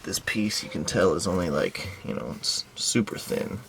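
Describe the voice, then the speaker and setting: A man's voice: low-pitched, creaky, slight background noise. A man casually commenting on his work while restoring a vintage camper, talking to himself as he goes, at times out of breath. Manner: unhurried, talks to himself while working. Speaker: DIY restoration vlogger. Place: inside a hot vintage camper.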